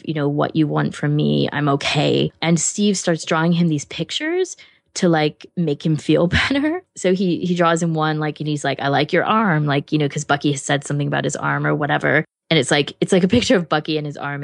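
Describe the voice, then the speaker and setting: A woman's voice: low voice, creaky, no echo, clean studio sound. A woman co-hosting a podcast in casual chat, rambling with many fillers and frequent laughs. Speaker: podcast co-host reviewing fan audiobooks.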